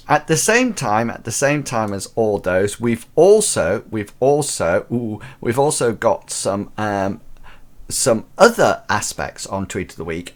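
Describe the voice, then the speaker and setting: A man hosting a casual live show, chatting enthusiastically with many fillers and restarts. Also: on the low side. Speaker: host of a teacher-training live show.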